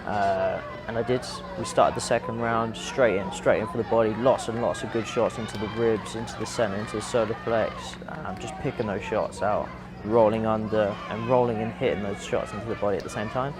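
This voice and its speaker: Young boxer with a low voice, recounting a fight. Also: male voice, a little fast, a crowd in the background. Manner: vivid, animated retelling with breathy asides. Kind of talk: documentary interview recounting a fight.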